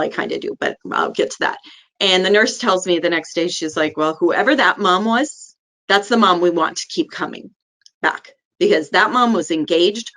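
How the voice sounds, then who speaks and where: A middle-aged woman with a somewhat low voice tells a story from her nursing work. She speaks earnestly and acts out the people in it as she goes. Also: a bit bright. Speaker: neonatal nurse practitioner guest. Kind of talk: personal storytelling in an interview.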